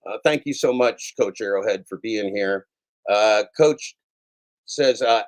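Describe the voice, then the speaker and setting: A man hosting a daily show in a casual, profane rant, swinging between yelling and soft apologies. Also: fairly low pitch, a little slow.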